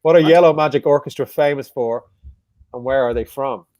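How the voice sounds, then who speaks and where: A man's voice: medium pitch, a little mellow, no room sound. Man hosting a jokey live quiz. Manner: jokey, repeats each question slowly. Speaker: quiz host.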